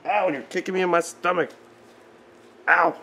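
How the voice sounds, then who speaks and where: A young father filming his toddlers at home on a handheld camera, chatting casually and jumping into a high sing-song voice when he plays with them. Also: fairly even intonation, normal speed, creaky, a crowd in the background. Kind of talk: casual family vlog. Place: family home, living room. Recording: noisy home camera audio.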